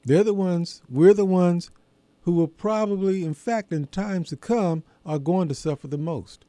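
Guy giving a radio sermon, real slow and deliberate, warm dark tone, dry sound. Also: sits high, no echo. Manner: measured, emphatic preaching with deliberate pauses. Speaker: radio show host and preacher.

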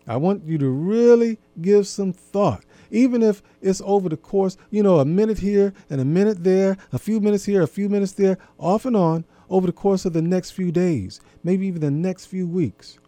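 A man giving an earnest, gently instructive talk to listeners about marriage, often repeating himself. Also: high voice, moderate pace, few pauses, dry recording. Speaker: marriage and intimacy speaker.

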